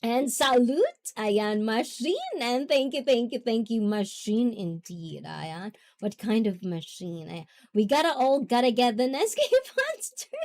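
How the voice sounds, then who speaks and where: Woman, English, livestream host; slow, chatty, laughs a lot. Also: fairly high pitch, expressive, a little mellow. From half Japanese, half Filipina. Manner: giggly, chatty, often laughing. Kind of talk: casual livestream chat reading comments.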